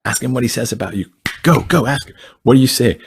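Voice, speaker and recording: A man's voice: medium pitch, fast talker, slight background noise. A man speaking earnestly in a conversational teaching style, often repeating words and restarting his phrases. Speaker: Christian ministry speaker.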